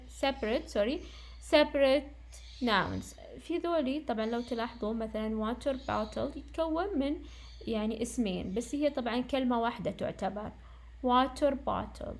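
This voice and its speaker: A woman gives an English lesson in a slightly high voice. She explains slowly and patiently, with many fillers and restarts along the way. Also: a little mellow. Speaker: English teacher.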